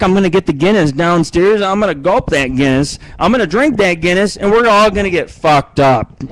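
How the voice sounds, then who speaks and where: A man's voice: a little high, low-quality recording. A man hosting a live internet radio show from home, rambling and profane, with many fillers and restarts, talking into a computer mic on a webcam stream. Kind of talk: crude casual live-stream talk.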